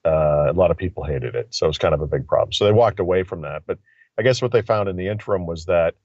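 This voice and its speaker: A man's voice: low-pitched, darkish tone, no room sound. A man talking tech in casual chat, rambling and thinking aloud with lots of fillers, calling in by phone. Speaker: tech commentator. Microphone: phone line. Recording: dull lo-fi phone audio.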